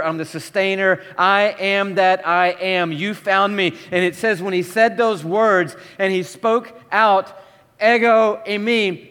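A man preaching a sermon, telling the story with lively, dramatic shifts between hushed and loud delivery. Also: sits high. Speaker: pastor. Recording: long hall reverb.

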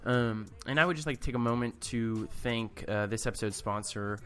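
A man's voice: medium pitch, fairly quick, soft background music. A man hosting a podcast, talking casually and rambling with many fillers. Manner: relaxed, filler-heavy, rambling. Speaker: podcast host.

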